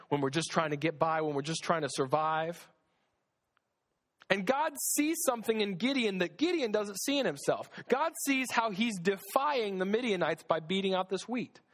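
A man's voice: high voice, a bit bright. A man giving a casual, conversational sermon, reading scripture and acting out the voices of its figures. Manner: conversational, acts out voices of God and Gideon. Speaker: preacher.

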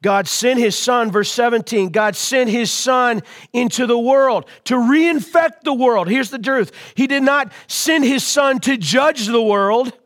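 Slow-preaching high-voiced male pastor. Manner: call-and-response preaching to an online congregation; emphatic, swells louder on key scripture lines. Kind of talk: sermon.

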